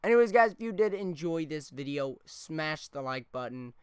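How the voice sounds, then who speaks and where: A man with a slightly high voice rants over football game footage, cursing constantly and checking in with "okay?" after each point. His voice is smooth and clear and sits close and dry on the mic. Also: expressive, normal speed, no echo. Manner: profane, ranting, keeps tagging "okay?". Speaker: gaming YouTuber. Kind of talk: angry gameplay rant commentary.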